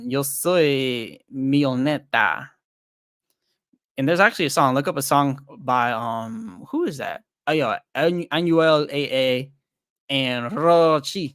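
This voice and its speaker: A man's voice: mid-range voice, a bit bright, no room sound, clean studio sound. Rambling young man streaming casually. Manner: loose and rambling, thinks aloud with many fillers and restarts; frank and self-deprecating. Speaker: crypto trading livestream host. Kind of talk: casual livestream chat, reading viewer comments.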